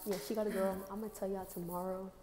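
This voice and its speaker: A woman's voice: medium pitch, little pitch movement, fast, mellow. A teenage girl talking casually to her phone camera, rambling with lots of fillers. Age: teens. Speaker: vlogger. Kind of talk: casual vlog chat.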